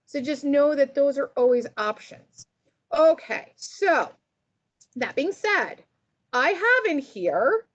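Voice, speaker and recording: A teacher trainer with a high, bright-sitting voice leads a relaxed online workshop for teachers. She's chatty and upbeat, often checking in with her listeners, and the sound is dull and lo-fi like a web call.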